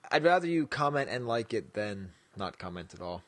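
A man's voice: lowish voice, very animated, normal speed, fairly bright tone, no echo. A man co-hosting a podcast in casual chat, rambling and jokey, laughing often and trailing off with "so". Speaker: podcast co-host.

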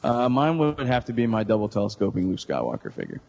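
Joking husky man in a roomy echo. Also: lowish voice, wildly swooping pitch, fast talker, darkish tone, lo-fi sound. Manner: joking, self-deprecating, laughs a lot. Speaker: podcast guest. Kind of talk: casual podcast chat.

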